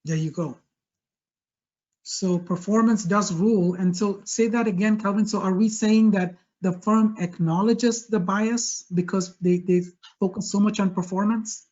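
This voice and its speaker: Emphatic high-voiced man presenting a webinar. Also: unhurried, lo-fi sound. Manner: energetic, emphatic, repeats key phrases. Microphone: video call.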